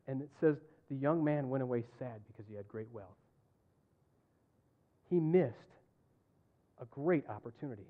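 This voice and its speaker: A man's voice: medium pitch, normal speed, pauses often. A middle-aged man preaching a sermon as pastor, telling personal stories and acting out the dialogue in them. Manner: animated, acts out dialogue in his stories. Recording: tinny phone-like sound.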